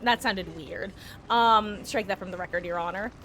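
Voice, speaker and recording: A woman from the United States, chatting casually and rambling as she streams a game, often clearing her throat. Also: mid-range voice, moderate pace, a bit bright, a little hiss or hum. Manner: rambling, chatty, self-correcting. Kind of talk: casual live-stream chat while gaming.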